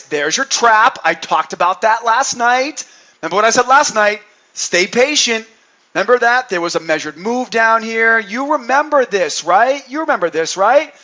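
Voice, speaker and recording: A man from New England giving energetic chart commentary as a trading coach, often checking in with listeners with "right?" and joking with himself. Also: high-pitched, muffled recording. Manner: energetic, keeps asking "right?", jokes with himself.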